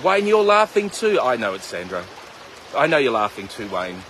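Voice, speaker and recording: His mid-range voice swings widely in pitch and sounds fairly bright as a man leads guided meditation outdoors by a flowing river at normal speed, with a little hiss or hum. He chats casually with livestream viewers by name and jokes between his guidance.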